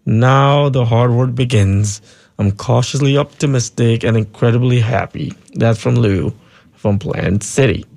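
A man hosting a call-in radio show, reading out listener texts and taking calls, relaxed and loose with frequent ums. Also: mid-range voice, measured pace, vocal fry. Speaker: radio talk show host.

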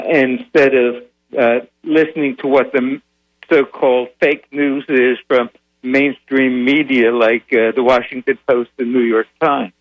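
An older man as a radio interview guest, answering in a measured way with many pauses and a dry humor. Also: medium pitch, highs cut off. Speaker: guest, founder of a secular advocacy group.

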